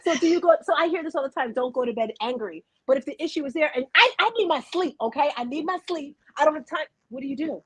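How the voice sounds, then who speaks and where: Woman host, high voice, animated and candid, jokes as she tells stories. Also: fast, few pauses, no echo, low-quality recording. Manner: animated storyteller, candid and joking. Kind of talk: casual chat.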